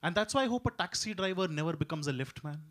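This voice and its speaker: A man's voice: high voice, animated, fast talker, a bit bright. A man with a Mumbai Indian English accent performing a stand-up set in an easy, conversational manner. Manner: conversational, slips into Hindi quotes. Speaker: stand-up comedian. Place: comedy club stage.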